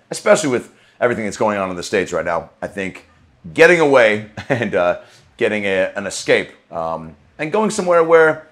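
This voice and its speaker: A man's voice: on the low side, a bit bright. A male comedian hosting a podcast, riffing in a loose, profane, rambling monologue from a comedy club green room.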